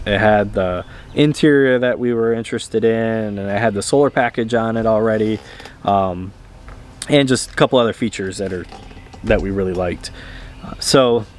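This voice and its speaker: A man vlogging in a relaxed, rambling way, with frequent hesitations and fillers. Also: on the low side, slight background noise. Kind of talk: casual chat to camera.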